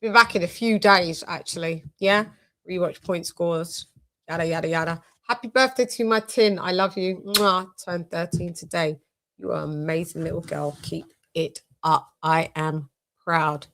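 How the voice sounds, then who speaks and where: A woman's voice: lowish voice, fairly even intonation, normal speed, a bit bright. A young woman from the UK hosting a casual live-stream boxing show, loose and jokey, swearing and drifting between topics. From United Kingdom.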